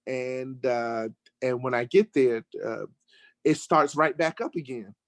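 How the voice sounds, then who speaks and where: An American man telling a lively road-trip story in casual conversation, getting worked up when he acts out arguments. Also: mid-range voice, slow, no echo. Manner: animated storyteller, rising sharply when acting out arguments. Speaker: guest telling a travel story. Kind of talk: casual storytelling in an online talk show.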